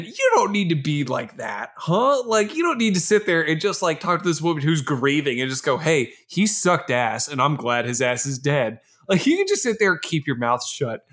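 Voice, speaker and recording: Man from Georgia, fairly high voice, very lively pitch, laughing, mock-outraged movie chat. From Georgia, USA. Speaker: podcast co-host. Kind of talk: casual film-review chat.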